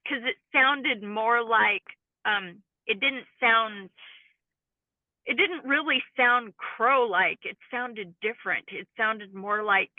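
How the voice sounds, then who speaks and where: A woman who researches cryptids in the field, appearing as an interview guest, earnestly recounts a personal encounter in detail. Her voice is on the high side and slow, coming through a tinny, phone-like line that is dry with no echo.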